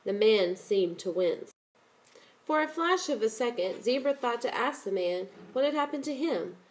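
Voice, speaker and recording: A woman narrating a story in a steady, measured audiobook reading. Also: on the high side, poor audio.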